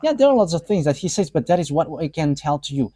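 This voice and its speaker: A man preaching a live sermon, talking in short, halting, broken phrases. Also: a little high, very animated, dark tone, no echo.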